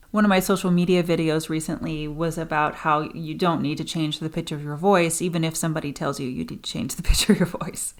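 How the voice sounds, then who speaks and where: A woman voice coach hosting a teaching podcast, talking straight to her listeners and changing her pace for emphasis. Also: on the low side. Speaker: voice and speaking coach.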